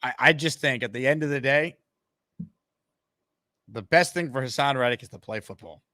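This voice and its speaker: Bright-voiced sports show host. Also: male voice, medium pitch, normal speed, no room sound, clean studio sound. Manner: upbeat, hypes callers and promos. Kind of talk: live call-in sports talk show.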